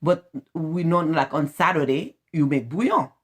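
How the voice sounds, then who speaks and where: A woman's voice: low-pitched, normal speed, slightly rough. A woman from Haiti with a Haitian accent, telling family stories in an interview and laughing often. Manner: animated, lively storyteller who laughs often. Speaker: interviewee, the host's mother.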